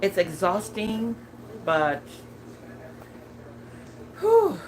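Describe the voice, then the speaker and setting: A woman's voice: mid-range voice, huge pitch swings, drawn-out words, noisy background. A woman in her thirties chatting casually as a lifestyle vlogger, laughing often and talking with many fillers and restarts. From California. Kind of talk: casual chat.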